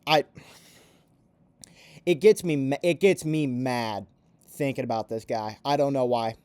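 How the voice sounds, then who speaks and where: A man's voice: medium pitch, unhurried, darkish tone, clear, resonant tone, no room sound. A man giving heated, profane and sarcastic commentary about fighters in a vlog. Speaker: MMA commentator.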